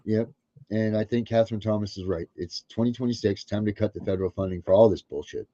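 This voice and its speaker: A man joining a casual podcast chat, chiming in agreeably with lively interjections. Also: fairly low pitch, quick pace, no room sound, highs cut off.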